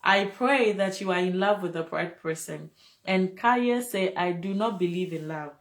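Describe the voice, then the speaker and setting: A woman's voice: on the low side, normal speed. A woman hosting a casual live-stream talk, speaking emotionally and preachily and laughing often. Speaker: host. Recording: echoey room.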